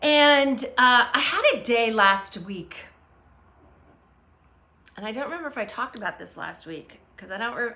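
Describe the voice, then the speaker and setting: Slow, bright-voiced woman livestreaming. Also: on the high side, lively intonation. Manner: rambling, greets viewers by name. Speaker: livestream host. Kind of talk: unscripted live chat. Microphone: phone.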